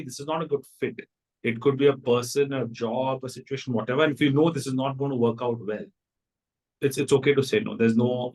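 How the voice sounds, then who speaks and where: A man with an Indian English accent, a company founder telling stories in a casual interview, lively and acting out the people he quotes. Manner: animated, acts out quoted people in a higher voice.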